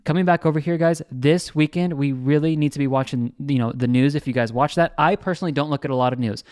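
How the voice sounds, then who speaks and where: A man hosting a trading channel, giving casual market commentary in an energetic, salesy way with lots of repeats and restarts. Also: a little high, fast, no room sound, clean studio sound. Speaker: crypto trading channel host.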